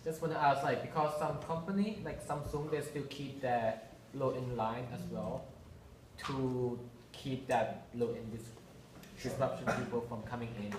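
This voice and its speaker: A man's voice: medium pitch, fairly even intonation. Male student, hesitant questioner, heard from afar, background noise. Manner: hesitant, halting. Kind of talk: classroom question. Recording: distant in a noisy echoey hall.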